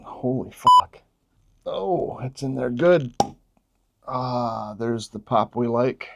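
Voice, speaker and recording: A man's voice: medium pitch, slow, gravelly, very noisy. A man from New York State doing a casual, jokey vlog as he tastes beers, exclaiming at each sip. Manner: relaxed, jokey, exclaims while tasting. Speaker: beer vlogger.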